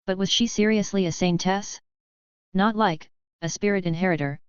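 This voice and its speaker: A woman's voice: medium pitch, moderate pace, clean tone, dry recording. A woman narrating a novel in the first person, with a casual, snarky manner. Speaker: audiobook narrator. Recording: dull lo-fi audio.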